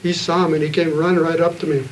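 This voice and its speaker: A man telling stories at a community panel evening, earnest and plain-spoken, pausing often. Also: fairly high pitch, little pitch movement. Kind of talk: heartfelt public storytelling. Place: gathering room with an audience. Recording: distant mic, faint room noise.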